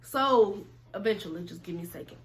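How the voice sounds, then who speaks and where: A young woman telling a casual storytime, animated and slangy, acting out both sides of the conversation. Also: mid-range voice, brisk.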